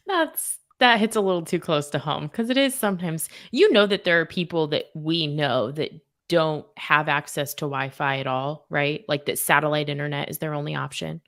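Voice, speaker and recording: A woman co-hosting a talk show, easygoing and quick to laugh in casual banter. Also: low-pitched, a bit bright. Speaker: co-host.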